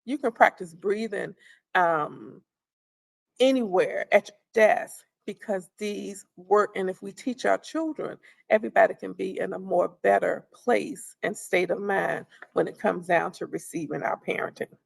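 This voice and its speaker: Middle-aged woman teaching parents, calm chatty talk, a bit of vocal fry. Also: medium pitch, a little slow. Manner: calm, conversational, repeats phrases. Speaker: parenting workshop presenter. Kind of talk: instructional talk.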